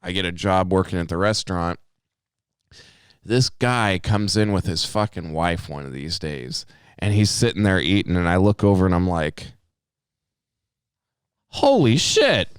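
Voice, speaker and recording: A man's voice: moderate pace, clear, resonant tone, dry recording, clean studio sound. A man in his twenties co-hosting a podcast, telling a story in casual chat, swearing freely. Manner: animated storyteller, swears freely, jumps into high voices quoting people. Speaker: podcast co-host.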